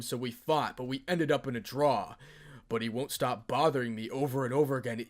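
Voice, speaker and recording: A loyal dragon spirit in male form, speaking with stiff, formal courtesy and bowing to "milady" in every reply, as a man puts it on while reading a fan story aloud. The voice sits at an ordinary middle pitch for a man. It is close to the reader's own voice. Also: close to an everyday voice. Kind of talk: fan fiction read-aloud.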